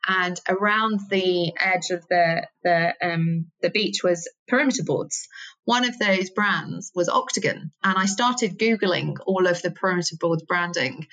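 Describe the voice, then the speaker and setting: A woman's voice: lowish voice, a bit bright, low-quality recording. A woman in her thirties from England, a sports marketing director answering interview questions in a chatty way, with frequent ums and self-corrections. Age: 30s.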